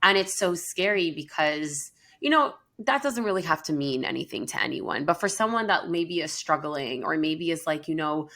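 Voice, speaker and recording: Low-voiced woman counselor chatting. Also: lively intonation, moderate pace, few pauses, sharp tone. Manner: earnest, chatty, many fillers. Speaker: podcast co-host, counselor. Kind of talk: casual podcast conversation.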